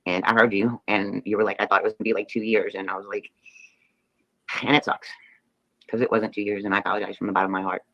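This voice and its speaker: A woman's voice: extremely low pitch, level tone, fast, a bit bright, highs cut off. A woman livestreamer talking casually, rambling through an earnest apology.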